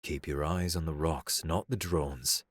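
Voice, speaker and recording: A man voicing a calm, terse veteran captain. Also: normal speed. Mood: firm. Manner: low and firm, quiet.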